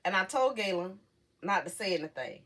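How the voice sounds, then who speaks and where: A middle-aged woman hosting a casual livestream, talking emotionally and haltingly to her viewers, close to tears. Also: medium pitch, lively intonation, fairly bright tone. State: on the verge of tears. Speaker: livestream host.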